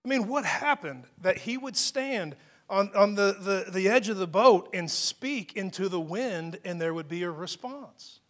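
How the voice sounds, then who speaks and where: A man's voice: sits high, expressive, a little slow, fairly bright tone. A male pastor giving a sermon in a conversational way, with frequent restarts and casual asides.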